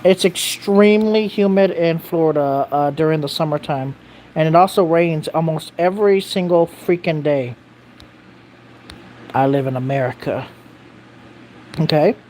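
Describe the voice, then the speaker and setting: Rambling, blunt livestreamer. Reads chat aloud, restarts sentences, swears casually, mid-pitched voice. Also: measured pace, pauses often, a little mellow, slight background noise. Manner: rambling, self-correcting, reads viewer comments aloud. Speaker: live streamer answering viewer chat.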